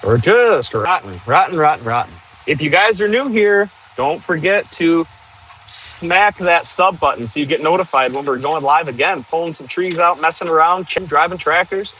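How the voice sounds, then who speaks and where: A man in his thirties talks in a slightly high voice, rambling to a live-stream chat and laughing often. He is working outdoors. A faint hiss of noise sits under his voice. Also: expressive, moderate pace, pushed and bright, poor audio. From northern Michigan, USA. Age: 30s. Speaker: livestream host.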